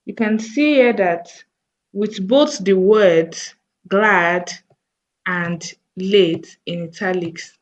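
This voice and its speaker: Slow-paced woman explaining code. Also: medium pitch, muffled recording. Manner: slow, thinking aloud while typing. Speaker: coding tutor. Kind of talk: screen-recorded coding tutorial.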